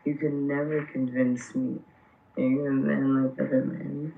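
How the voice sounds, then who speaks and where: A drunk woman in a voice chat, mumbling and hurling taunts on a low mic. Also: steady tone, takes it slowly, gravelly. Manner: taunting, insulting. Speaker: voice chat participant. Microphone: low-level mic. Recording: dull lo-fi mic with faint noise.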